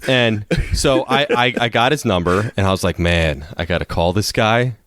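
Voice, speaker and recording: With studio-quality sound and no room noise, a male podcast co-host laughs through rambling stories during casual chat. His fairly low voice moves at a moderate pace and has a fairly bright tone.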